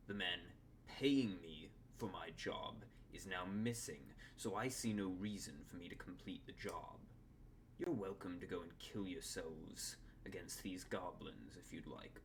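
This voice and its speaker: A man voicing a big, blunt male mercenary cart guard who talks in a curt, quiet, grumbling way. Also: deep voice, slight background noise, low-quality recording.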